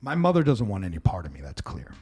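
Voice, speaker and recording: A man's voice: low-pitched, huge pitch swings, quick pace, darkish tone, husky. A man in his fifties hosting a podcast, rambling through stories and acting out family members. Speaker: podcast host. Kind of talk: casual storytelling chat.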